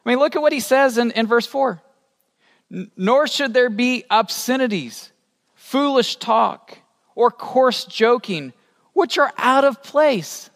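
A man preaching a sermon as a pastor, animated and rising to emphatic peaks, asking the congregation questions. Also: very high-pitched, slow, gravelly. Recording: long hall reverb.

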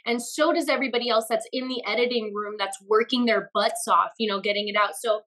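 Give me a bright, animated woman telling stories as a podcast guest. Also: a little high, fast talker, low-quality recording. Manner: animated storyteller, laughs often. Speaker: guest actress. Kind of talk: casual podcast interview.

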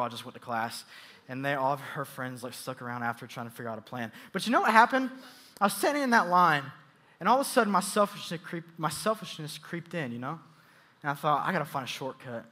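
A man preaching a sermon, telling a story in an animated, playful way with soft asides. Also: a little high. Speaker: youth pastor.

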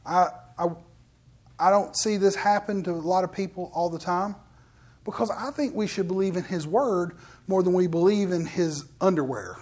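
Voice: medium pitch, slightly rough. A preacher delivering a casual, candid sermon to a live congregation, acting out the people in the Bible story in quoted voices. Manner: conversational, acts out Bible scenes in quoted voices; candid, addresses the crowd directly.

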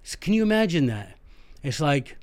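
A man with a Southern American drawl tells history on his podcast like he's chatting with friends. He's animated and folksy, and he talks right to his listeners. His voice sits a bit high for a man. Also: normal speed. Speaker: podcast host. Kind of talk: casual history storytelling.

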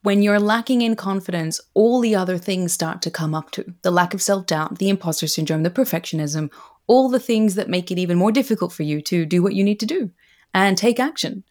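A woman's voice: mid-range voice, brisk, a little mellow. This is a woman researcher appearing as a podcast guest. She explains ideas in an earnest, conversational way. She often adds "you know" as she talks. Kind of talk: casual conversational interview.

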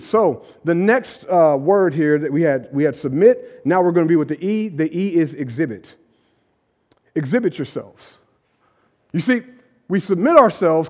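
Man, high voice, pastor preaching a casual, conversational sermon with emphatic repetition.

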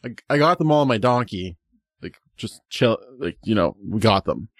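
A man playing in a tabletop role-playing game, talking in a rambling, halting way. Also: fairly low pitch, expressive, a bit bright, no room sound, studio quality. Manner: rambling, halting, many restarts. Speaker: player. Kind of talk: casual tabletop role-play.

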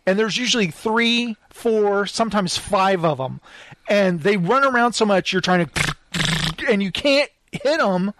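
A man's voice: sits high, unhurried. A man in casual chat, telling a long story animatedly and acting out the characters' lines, laughing often. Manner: animated storyteller, acts out quotes in raised voices, laughs often.

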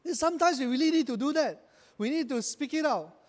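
A man's voice: extremely high pitch, animated, fast talker, in a large hall. A man preaching a sermon as pastor, building to emphatic bursts and calling his congregation to repeat after him.

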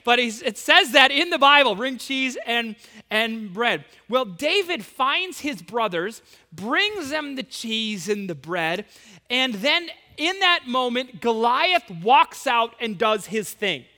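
Male preacher, animated storytelling sermon, bright tone, long hall reverb. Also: very high voice, takes it slowly. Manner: animated storytelling, casual slang.

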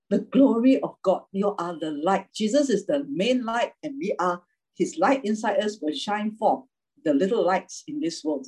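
Warm, husky woman preaching chattily. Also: mid-range voice, rough recording. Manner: chatty, laughs often, checks in with "okay?" and "right?". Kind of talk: informal sermon.

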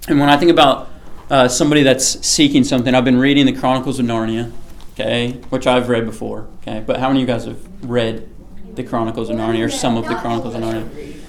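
A man's voice: medium pitch, level tone, fast talker. A man giving a casual sermon to a small group, chatty and often checking in with the listeners. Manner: chatty, keeps checking in with "okay?".

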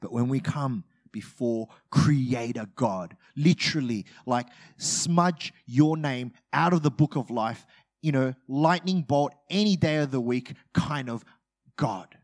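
A man preaching a sermon as a pastor, talking conversationally with humor and acting out short everyday scenes, swinging from loud bursts to quiet asides. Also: mid-range voice, slow.

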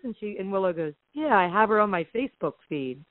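A woman, a podcast guest who invests in real estate, telling a story in a casual, animated way and acting out the dialogue. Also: mid-range voice, brisk, hardly any pauses, dry recording. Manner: animated retelling that acts out quoted dialogue. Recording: dry, tinny phone-line sound.

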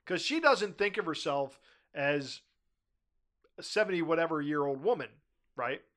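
A podcast host in his fifties, talking in easy, relaxed chat. His bright voice swings widely in pitch as he tells family anecdotes with a chuckle. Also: normal speed. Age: 50s. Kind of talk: casual chat.

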